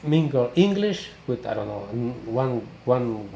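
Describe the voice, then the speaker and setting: Priest chatting, keeps adding "no?", warm mellow voice, echoey room. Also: male voice, medium pitch, big pitch swings, measured pace, creaky. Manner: switches between English and Spanish, tag questions. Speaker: parish priest and host. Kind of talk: casual bilingual interview. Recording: echoey room, faint background noise.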